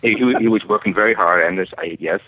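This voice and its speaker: A man in his fifties with a Boston accent, a guest calling in, talking in a halting way with many fillers and restarts. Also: deep voice. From Boston area. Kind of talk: casual chat. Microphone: phone. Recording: tinny phone line.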